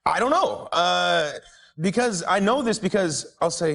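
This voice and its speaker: A man's voice: high-pitched, sing-song, moderate pace, vocal fry, fairly bright tone. A man as a talk show guest telling an amused story about his son, laughing. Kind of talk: casual anecdote.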